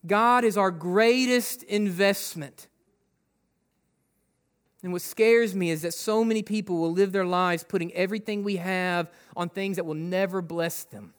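A man's voice: high voice, fairly even intonation, normal speed, few pauses, clear, resonant tone. A male pastor preaching a sermon in a conversational way, acting out quotes and asking the congregation rhetorical questions.

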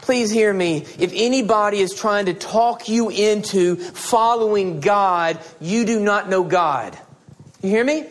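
Slow, high-voiced preaching man. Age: adult with children and a wife. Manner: pleading, emphatic preaching with repeated appeals. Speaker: pastor. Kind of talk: sermon.

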